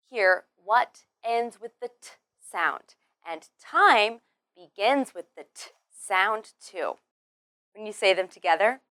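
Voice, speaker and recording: A woman teaching English pronunciation, drilling words one by one and stressing each clearly. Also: mid-range voice, a bit bright, dry recording, clean studio sound. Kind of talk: slow, deliberate pronunciation lesson.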